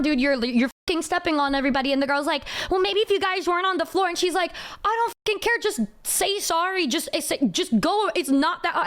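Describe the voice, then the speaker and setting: Young female streamer, high bright voice, animated storytelling with heavy swearing. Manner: animated, heavy swearing, quotes people in raised voice.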